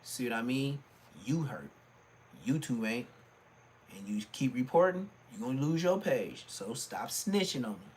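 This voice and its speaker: A middle-aged man, ranting on his livestream and often jumping into a high, mocking voice. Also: a little slow. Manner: animated, swings into high mocking voice. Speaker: livestream host.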